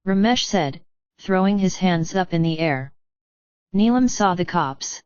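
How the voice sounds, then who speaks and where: A woman reading an audiobook in scripted narration, voicing every character in the same even narrating voice. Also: lowish voice, a little slow, clear, resonant tone, dry recording, muffled recording.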